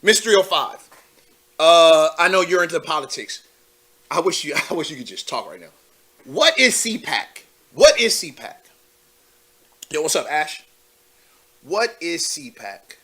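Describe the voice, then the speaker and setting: A man's voice: fairly high pitch, big pitch swings, measured pace, long pauses, bright, forceful tone, breathy edge. A young man hosting a live call-in show, commenting loosely with lots of fillers and asides to viewers. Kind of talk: casual political commentary.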